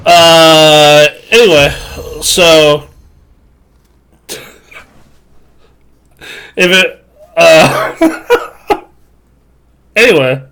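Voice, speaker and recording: A man's voice: fairly high pitch, animated, slow, pauses often, a bit bright, clear, resonant tone. Rambling, crude man telling a story on stream. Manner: rambling, crude, self-mocking, many fillers.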